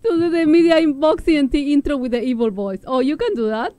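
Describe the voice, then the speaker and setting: A woman co-hosting a gadget review, giggling, exclaiming often, and reading product text haltingly. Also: high voice, warm tone. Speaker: co-host of a product review channel. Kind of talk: casual excited chat.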